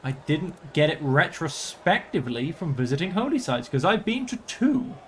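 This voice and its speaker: Commenting on a strategy game for a let's play, a man with a fairly high, fairly bright voice speaks at normal speed with big swings in pitch. He slips into mock-archaic, theatrical speech while playing his ruler, and there's a little hiss or hum.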